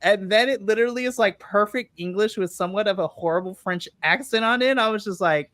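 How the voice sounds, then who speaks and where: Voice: medium pitch, brisk, few pauses, fairly bright tone, no room sound. A podcast co-host giving a casual recap, chatty, laughing often and acting out their own reactions. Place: remote live stream.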